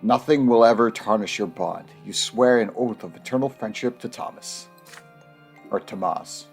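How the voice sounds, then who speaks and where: A man's voice: on the low side, normal speed, vocal fry, faint music behind. Man narrating a story game with laughs. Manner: reads narration, breaks off into laughter and jokes. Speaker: gamer reading the game text aloud. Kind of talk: let's play narration and banter.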